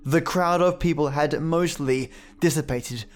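A man reading a first-person horror story aloud in a measured, somber way. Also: on the high side. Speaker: narrator. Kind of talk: scripted horror narration. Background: faint music.

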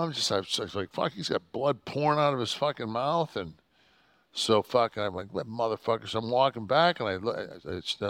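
A man's voice: lowish voice, fairly bright tone, dry recording, studio quality. A man co-hosting a podcast, telling a story in a profane, heated, rambling way. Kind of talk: casual storytelling chat.

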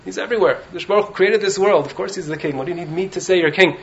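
A man giving an animated Torah talk as a rabbi in a study hall, often asking "right?" to his listeners. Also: high voice, very fast, creaky, dull audio. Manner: animated, keeps checking in with "right?". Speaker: rabbi teaching in a yeshiva.

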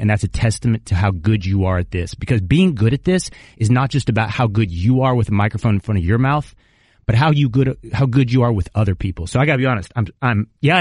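A man's voice: lowish voice, a little mellow, dry recording, studio quality. A man co-hosting a radio show, heartfelt and jokey, and he laughs often. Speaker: radio co-host. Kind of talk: casual radio talk. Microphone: studio microphone.

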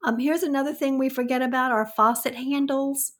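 A woman's voice: high-pitched, fairly even intonation, a little fast. An older woman with a Southern accent, co-hosting a podcast with her son, chatty and giving household tips. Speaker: podcast co-host, the host's mother. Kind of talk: casual chat.

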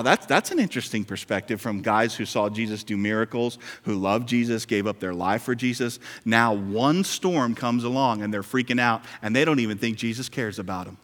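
A man's voice: mid-range voice, a little fast, few pauses, fairly bright tone. A male pastor preaching a sermon in a conversational, joking way, repeating key lines. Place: church sanctuary. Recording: hall reverb.

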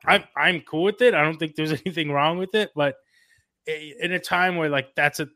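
A man with a fairly high voice guesting on a sports podcast. He talks in an easygoing way and hedges with fillers. The sound is dry and close. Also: normal speed, bright, forceful tone, no room sound. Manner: laughs easily, hedging with fillers. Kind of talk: casual podcast interview.

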